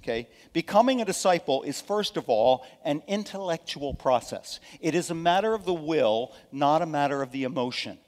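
Preacher with a higher voice in a reverberant hall. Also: male voice, animated, moderate pace, few pauses. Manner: conversational preaching, often checks in with the congregation; swings between loud emphasis and soft, near-whispered asides. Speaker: pastor. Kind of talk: sermon. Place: church sanctuary.

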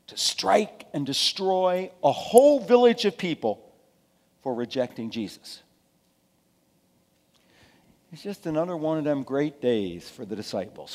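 Male preacher, bit high voiced, folksy and dramatic, long echo off the hall. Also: sing-song, moderate pace. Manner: dramatic, swings between quiet asides and forceful emphasis; folksy, with sarcastic asides to listeners. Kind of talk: sermon.

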